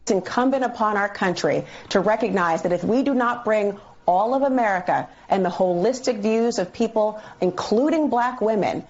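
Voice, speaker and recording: A woman's voice: mid-range voice, darkish tone, muffled recording. A woman legal analyst speaking emphatically and earnestly in a television commentary segment, building long sentences.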